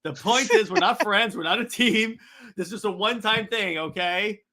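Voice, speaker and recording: A man's voice: sits high, lively intonation, normal speed, sharp tone, pitched above the performer's own voice. A man doing a cocky, scoffing space hero. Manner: brash, scoffing delivery. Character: cocky adult male space hero, brash and dismissive.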